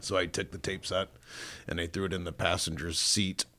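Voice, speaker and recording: A man's voice: sits low, level tone, fairly quick, pushed and bright. A middle-aged man from Northern Illinois, a pastor telling his life story in a studio interview, earnest and self-mocking as he tells it. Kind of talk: personal testimony in an interview. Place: recording studio.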